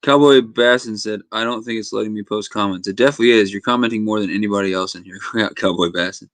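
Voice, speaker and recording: A man's voice: fairly low pitch, fast talker, few pauses, a bit bright, dry recording. A young man hosting a casual fishing livestream from his home fishing room, rambling and reading chat comments aloud.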